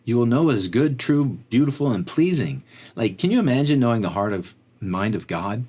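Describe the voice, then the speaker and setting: Rambling man with a lively voice. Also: mid-range voice, a little fast, slightly rough. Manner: rambling, wanders off on tangents; conversational, fills with "like". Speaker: podcast host. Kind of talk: faith-based motivational talk.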